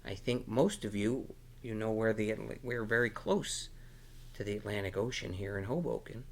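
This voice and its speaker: A man reading a picture book aloud to children at storytime, animated and stopping to ask them questions. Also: lowish voice, normal speed, a little hiss or hum. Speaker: storytime reader.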